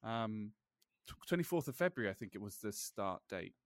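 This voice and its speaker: A man's voice: lowish voice, animated, normal speed, dry recording. A British man hosting a casual podcast chat, rambling with frequent restarts and laughing at his own stories. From Britain. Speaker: podcast host.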